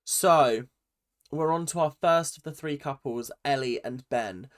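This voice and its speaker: A man's voice: fairly high pitch, a little slow. A young man giving a chatty, exasperated recap of a reality show, full of ums and restarts. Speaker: reaction vlogger. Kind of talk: casual recap commentary.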